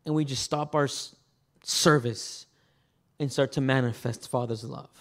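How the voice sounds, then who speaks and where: A man preaching a sermon as pastor, animated and acting out scenes with quick voice changes. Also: medium pitch.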